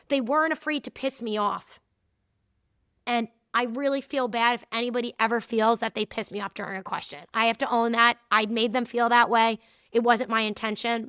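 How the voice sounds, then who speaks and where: Bright, crisp-voiced woman podcast host. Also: a little high, no room sound, studio quality. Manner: candid, animated storytelling with laughs. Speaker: podcast host and movement teacher. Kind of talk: casual solo podcast talk.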